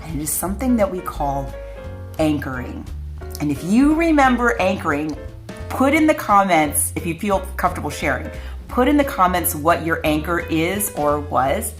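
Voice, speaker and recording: A woman's voice: fairly low pitch, big pitch swings, moderate pace, faint music behind. A middle-aged woman vlogger telling a personal story to camera, chatty and candid, often laughing at herself.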